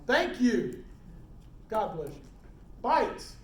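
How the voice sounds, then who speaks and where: Animated male safety instructor, roomy hall. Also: high-pitched, drawn-out words. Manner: animated, quizzes audience, acts out scenes. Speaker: emergency preparedness instructor. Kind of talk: live classroom talk. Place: lecture room with audience. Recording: roomy hall, distant mic, faint noise.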